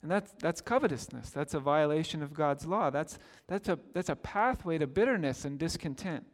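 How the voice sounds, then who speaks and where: A man's voice: fairly high pitch, expressive, normal speed, long reverb tail. A middle-aged man preaching a sermon, telling stories in a conversational way and acting out the quotes. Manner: storytelling, conversational with acted quotes. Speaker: pastor.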